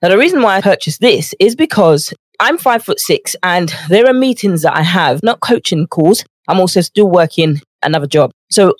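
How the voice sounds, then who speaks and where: A woman hosts a motivational podcast as a nutrition coach, her pitch swinging widely as she acts out quoted voices. She talks from a home office while walking on a treadmill pad, a little out of breath. The sound is close and dry. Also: normal speed, few pauses, dry recording. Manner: lively and chatty, acts out quoted voices, laughs often.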